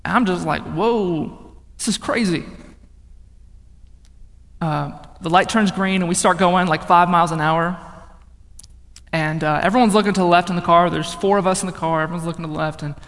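A young man with a notably high voice tells his personal testimony, swinging from loud outbursts into hushed, quiet passages. His words ring out with a long reverb, as in a large hall. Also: steady tone, fairly quick. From northern United States. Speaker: speaker giving a testimony.

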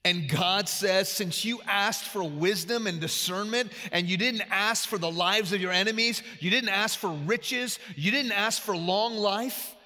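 A male pastor preaching a sermon, telling stories with loud emphatic peaks and quiet asides. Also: high-pitched, unhurried, hardly any pauses, in a large hall.

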